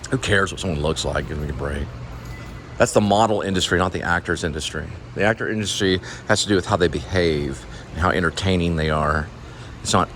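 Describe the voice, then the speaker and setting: Rambling low-voiced man telling anecdotes. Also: a bit bright, a little hiss or hum. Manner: rambling, name-dropping anecdotes. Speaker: vlog host, delivery runner. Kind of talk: casual rambling chat.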